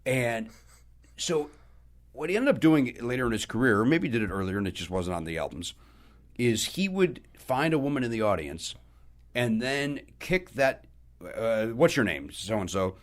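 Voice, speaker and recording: A man, a comedian guest on a podcast, telling a story in casual chat with frequent restarts and loud bursts when he quotes people. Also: medium pitch, normal speed. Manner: animated, bursts loud when quoting others; restarts and trails off often.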